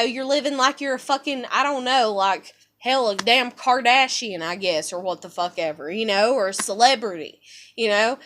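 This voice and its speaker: A woman's voice: fairly high pitch, a bit bright. A young woman from the United States ranting to camera in a profane, exasperated, emphatic way. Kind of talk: angry personal rant to camera.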